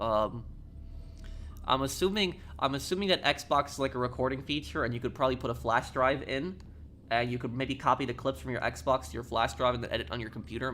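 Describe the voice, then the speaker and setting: A male streamer chatting casually with his viewers, his voice sitting at an ordinary middle pitch. He reads their messages aloud and answers with frequent ums and false starts, while a faint hum of ambience stays behind him. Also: fairly bright tone. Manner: rambling and hesitant, with frequent ums and restarts. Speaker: game streamer.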